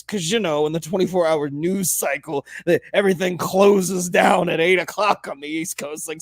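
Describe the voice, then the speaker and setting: A man co-hosting a casual podcast, animated and profane, bursting into loud acted bits. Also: high-pitched, moderate pace, vocal fry, hardly any pauses, dry recording. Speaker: podcast co-host.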